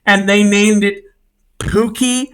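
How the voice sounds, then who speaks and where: A man co-hosting a podcast in casual chat, animated and quick to chime in with jokes. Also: high voice. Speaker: podcast co-host.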